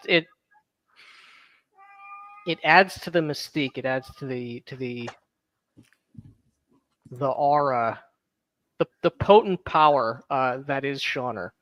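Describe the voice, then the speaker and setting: A man with a fairly high voice talks loosely in a relaxed group chat, circling back and restarting his thoughts. The recording is dry and close. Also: dry recording, dull audio. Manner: rambling, halting restarts. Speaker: podcast co-host.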